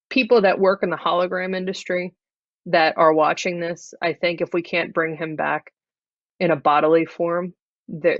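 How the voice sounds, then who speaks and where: A performer doing an improvised in-character interview in a flat, deadpan way. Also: mid-range voice, dry recording. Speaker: improv comedy guest. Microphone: video call. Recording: dull lo-fi video call audio.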